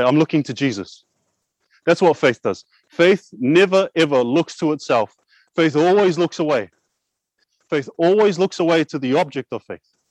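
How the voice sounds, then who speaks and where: A young man preaching a sermon, asking rhetorical questions, repeating words and slowing down to press key points. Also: on the high side, no room sound, rough recording. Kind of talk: sermon with props.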